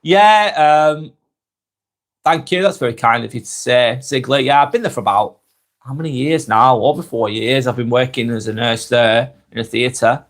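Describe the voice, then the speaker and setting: A Northwest English man in his forties, still recovering from a cold, hosts a live stream where he reads viewers' comments aloud and chats back casually. His voice is mid-range, his pace moderate, and his manner relaxed and friendly.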